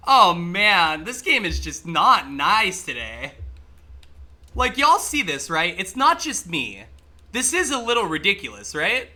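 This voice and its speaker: Bright, lively-voiced excitable male streamer. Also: sits high, unhurried. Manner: excitable, swears a lot, laughs and shouts at the game; chatty, talks straight to chat. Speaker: livestreamer. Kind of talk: live gameplay commentary.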